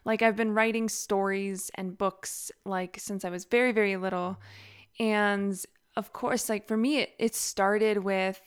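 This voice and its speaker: A woman's voice: medium pitch, fairly even intonation, unhurried, clean tone. A young woman hosting a casual solo podcast, chatty and rambling, with many "like"s and easy laughter. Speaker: podcast host and author.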